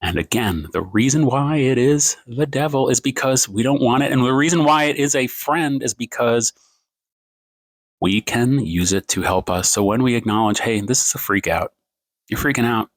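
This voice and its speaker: A man ranting to his phone camera at home late at night, rambling and self-mocking, swinging his pace and pitch for emphasis. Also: moderate pace, pauses often, no echo. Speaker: TikTok creator.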